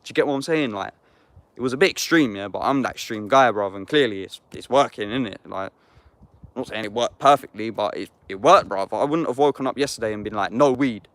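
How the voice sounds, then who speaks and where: A young man with an English accent holds forth in casual livestream chat. His speech is loose and slang-heavy, with frequent swearing as he answers comments from his viewers. His voice sits at an average pitch. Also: a little fast, no echo.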